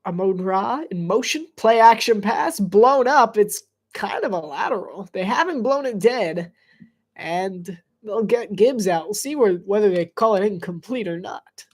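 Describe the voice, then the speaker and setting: A congested woman doing casual live play-by-play of a football game, chatty and quick to laugh. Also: mid-range voice, expressive. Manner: chatty, giggly, easily distracted.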